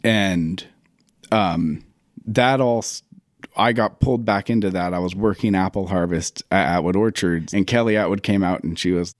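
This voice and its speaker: A man's voice: sits low, moderate pace, no echo, clean studio sound. A man speaking as a guest writer and theater director in a casual interview, telling stories and acting out his own past remarks as he goes. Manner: reflective storyteller who acts out his own past remarks.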